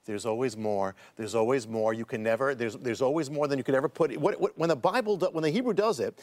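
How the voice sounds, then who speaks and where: A man, a guest author, explaining Hebrew scripture words in conversation, halting with many restarts before building to emphatic points. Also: mid-range voice, a little mellow. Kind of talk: casual Bible teaching in conversation.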